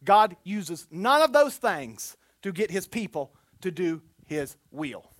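Brief: animated preacher leading a sermon, dry close sound. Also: mid-range voice, takes it slowly, dry recording. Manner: animated, exclamatory, call-and-response with the congregation. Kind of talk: Pentecostal sermon.

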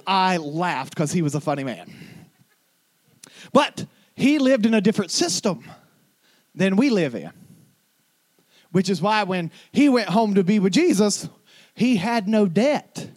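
A man's voice: high voice, animated, unhurried, long pauses, a little mellow. A man preaching a sermon as a pastor, retelling stories with building intensity.

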